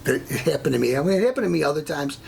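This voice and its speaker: Racing through an opinionated monologue, an American show host tells a long, blunt story, rambling and going off on tangents. His voice is a little high, gravelly yet a little mellow, and very animated. There's slight background noise.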